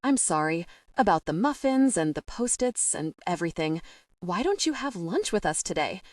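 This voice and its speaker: A woman's voice: lowish voice, very animated, moderate pace, darkish tone, no room sound, clean studio sound, far from the mic. A woman voicing a hesitant, apologetic young female coworker in a storybook. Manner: hesitant and awkward.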